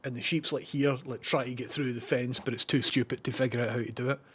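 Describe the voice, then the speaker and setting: A man's voice: mid-range voice, fairly even intonation, fast, husky. A man with a Scottish accent, a live streamer telling a rambling story and reading out viewer messages.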